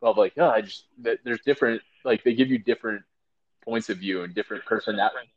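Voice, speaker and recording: A man's voice: fairly low pitch, quick pace, lo-fi sound. A man co-hosting a casual chat, rambling with many fillers and acting out quotes. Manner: rambling, lots of fillers and acted-out quotes, laughing. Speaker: podcast co-host.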